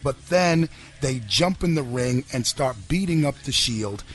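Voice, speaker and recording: A man hosting a casual wrestling podcast, giving a brisk play-by-play recap. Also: mid-range voice, animated. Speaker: podcast host.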